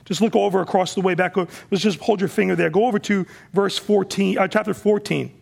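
A man with a high voice delivers a sermon, speaking conversationally and often restarting his phrases. His tone is gravelly and rough at the edges, with a fry that creeps into the ends of lines. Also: fairly even intonation, a little fast, darkish tone. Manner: conversational preaching with repeated restarts. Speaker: pastor.

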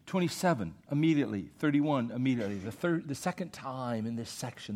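Animated male preacher, loud then hushed. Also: medium pitch, quick pace, few pauses. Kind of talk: sermon.

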